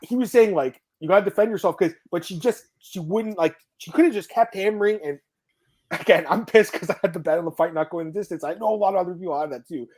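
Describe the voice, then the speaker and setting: A man hosting a podcast in casual sports chat, excitable, swearing now and then and reading out viewer comments. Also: high-pitched, fast talker. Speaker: podcast host.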